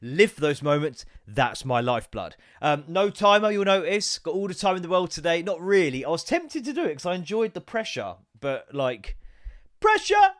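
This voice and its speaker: A man's voice: on the high side, expressive, moderate pace, few pauses, fairly bright tone, no echo, studio quality. Sweary rambling podcast man. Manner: rambling, sweary, jumps into goofy voices. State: congested, bunged up. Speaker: podcast host. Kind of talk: solo casual podcast rant.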